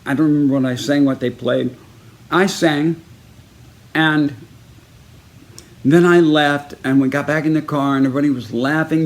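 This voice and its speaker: A man from Texas tells a story in a casual personal video message. His voice sits somewhat high for a man, and he keeps it lively by acting out every person in the story with raised, punchy delivery. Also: moderate pace, pauses often.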